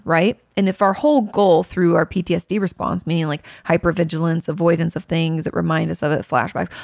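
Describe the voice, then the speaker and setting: A woman's voice: lowish voice, creaky, no echo, clean studio sound. A woman in her thirties casually answering viewer questions, earnest and emphatic, with lots of fillers. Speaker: mental health creator answering viewer questions. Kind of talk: casual Q&A monologue.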